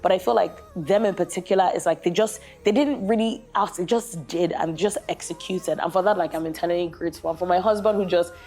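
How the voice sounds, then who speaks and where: A woman's voice: lowish voice, fast talker, few pauses. A young woman from Nigeria, a guest, telling a story in casual chat with lots of "like" and "literally". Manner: animated storyteller who often says "like" and "literally". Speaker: guest bride.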